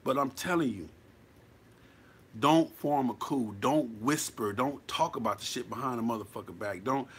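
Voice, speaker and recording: A man's voice: medium pitch, normal speed, fairly bright tone, slight background noise. A man giving blunt, profane, preachy advice as a motorcycle club member in a casual monologue.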